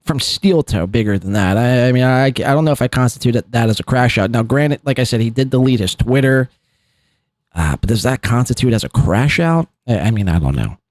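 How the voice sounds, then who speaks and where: A man's voice: mid-range voice, no room sound, clean studio sound. A man hosting a live podcast, rambling through clip commentary with lots of fillers and laughs. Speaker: podcast host.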